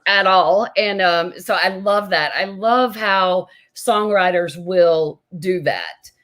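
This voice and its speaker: A woman's voice: fairly low pitch, slow, fairly bright tone. A woman hosting an interview over a video call, enthusiastic and dotted with ums. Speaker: interview host. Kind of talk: casual interview chat.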